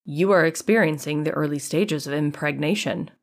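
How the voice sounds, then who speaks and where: A calm alien man states facts in a flat, clinical way, as a woman narrator reads him. The voice sits low and even. This is an audiobook read. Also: normal speed. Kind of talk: audiobook character reading.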